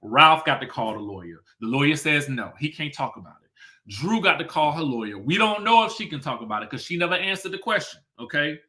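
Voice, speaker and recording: A man's voice: on the high side, very animated, fairly quick, few pauses, pushed and bright. A man recapping drama as a commentator, talking casually and animatedly, firing off rhetorical questions and saying "okay" a lot.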